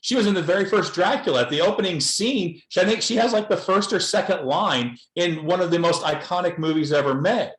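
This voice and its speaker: A man's voice: sits high, a little fast, few pauses. Earnest, blunt man in an echoey room. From Los Angeles. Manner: blunt, earnest, repeats words as he talks. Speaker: documentary filmmaker guest. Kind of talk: candid panel discussion. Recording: roomy echo.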